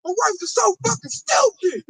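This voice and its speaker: A man's voice: extremely high pitch, lively intonation, moderate pace, a bit bright, dry recording, voice pushed up, exaggerated voice. A man voicing an angry male coworker who rants and swears, sputtering as he goes off. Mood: ranting. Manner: sputtering, profane. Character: angry ranting male coworker, hot-tempered.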